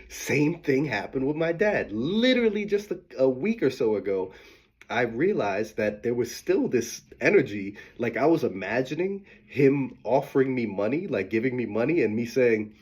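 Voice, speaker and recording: A man's voice: mid-range voice, sing-song, moderate pace, slightly rough. A man hosting a motivational talk, speaking candidly and emphatically, swearing freely and often laughing. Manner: acts out quoted voices of himself and his mom. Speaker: host. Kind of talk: motivational monologue.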